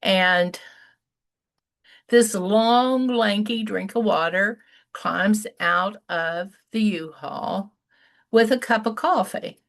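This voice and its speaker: An older woman with a gravelly edge tells a personal story at an unhurried, measured pace. She lingers on pauses for effect and jumps high and loud when she quotes what someone said. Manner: slow and deliberate with dramatic pauses; rises high and loud when quoting dialogue. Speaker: speaker telling a personal story. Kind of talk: storytelling talk.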